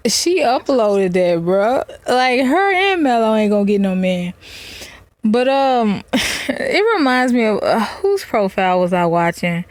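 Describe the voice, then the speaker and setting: A woman's voice: on the high side, very animated, unhurried, no room sound. A woman vlogger giving blunt, mocking casual reaction commentary.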